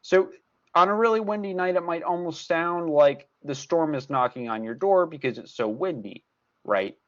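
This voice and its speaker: Here a male math tutor with a medium-pitched voice leads a recorded class lesson, laying out each step and emphatically repeating what matters most. The sound quality is lo-fi.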